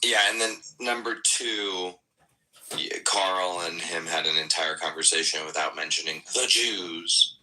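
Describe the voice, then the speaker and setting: A young American man chatting loosely on a podcast, laughing and cursing as he goes. His voice sits low but has a very bright, cutting edge. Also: normal speed, rough recording. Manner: loose, laughing, swears a lot. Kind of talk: casual podcast chat.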